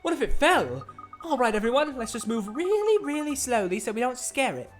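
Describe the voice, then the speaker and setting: Man voicing a cheerful young woman detective, high eager voice, polite, game dialogue. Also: very animated, a little fast, faint music behind.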